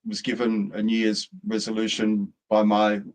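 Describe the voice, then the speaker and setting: Middle aged guy rambling through a story, lowish voice, chatty. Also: monotone, normal speed. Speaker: co-host. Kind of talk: casual chat.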